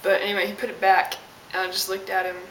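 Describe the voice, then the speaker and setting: Speaking fast and in a monotone, this young adult woman has a medium-pitched voice. She's venting in a casual vlog, telling a sassy, exasperated story. A far-off mic picks her up, leaving room echo and hiss.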